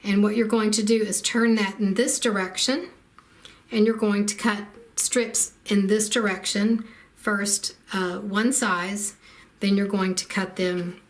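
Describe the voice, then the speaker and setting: A woman's voice: mid-range voice, steady tone, a little slow. A middle-aged woman giving a casual quilting tutorial, explaining each step plainly with frequent ums. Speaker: quilting instructor.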